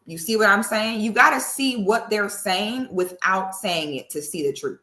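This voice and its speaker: A woman doing reaction commentary in a sassy, animated, drawling way. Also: mid-range voice, moderate pace, roomy sound. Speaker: commentary host.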